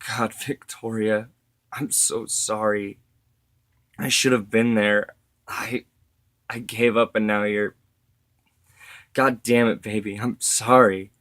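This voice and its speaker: A man voicing a grieving grandfather, an older man whose strained talk breaks into anguished shouts. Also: lowish voice, fairly even intonation, a little slow. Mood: bitter, grieving.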